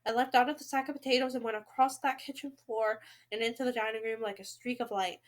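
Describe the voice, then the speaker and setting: High-voiced dramatic woman reading aloud. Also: steady tone, fast talker. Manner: dramatic, emotional exclamations. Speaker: book reader. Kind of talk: reading a novel aloud with reactions.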